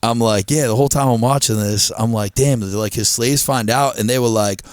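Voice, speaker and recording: A man's voice: mid-range voice, moderate pace, dry recording. A man with a Delaware County, Pennsylvania accent, a podcast co-host and comedian telling rambling, profane stories and acting out quotes in casual chat.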